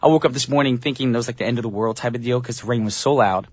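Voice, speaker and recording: A man's voice: mid-range voice, very fast, darkish tone, no room sound, studio quality. A man from the United States hosting a morning radio show in an upbeat, chatty, self-joking way. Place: radio studio.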